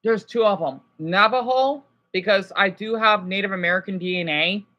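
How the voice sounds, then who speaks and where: This woman's audio sounds dull as she livestreams at a moderate pace in a medium pitch. She talks casually with her viewers, responding to messages with frequent "you know"s and restarts.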